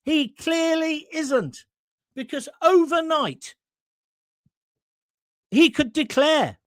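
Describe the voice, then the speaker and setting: Impassioned man with lively pitch. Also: no room sound, studio quality. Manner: indignant and emotional, addressing viewers directly. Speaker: host of his own live show. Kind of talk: impassioned live-stream commentary.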